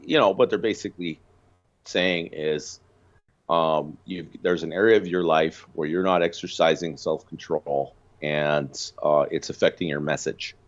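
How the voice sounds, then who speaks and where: A man's voice: rumbling low, steady tone, unhurried, dull audio. A man calling in to a show, musing in a thoughtful, hesitant way over a choppy line. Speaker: caller. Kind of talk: casual call-in chat.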